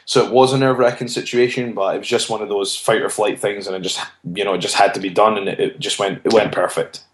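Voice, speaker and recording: A man's voice: lowish voice, fairly even intonation, quick pace. A man, a wrestler being interviewed, telling his story earnestly and often restarting his phrases. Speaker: wrestler guest. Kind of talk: casual interview chat. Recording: roomy echo.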